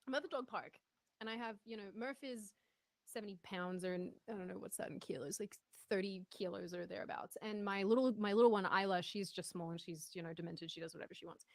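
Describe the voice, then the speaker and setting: A woman tells a story in casual chat, animated and indignant. Her voice sits at a middle pitch. The sound is dry and close, with no room around it. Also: fast, no room sound.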